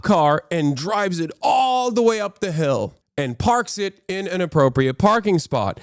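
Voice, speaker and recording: A man's voice: sits high, very animated, unhurried, few pauses, clean tone, no room sound, studio quality. A man giving casual livestream commentary as a political streamer, rambling and profane with frequent restarts.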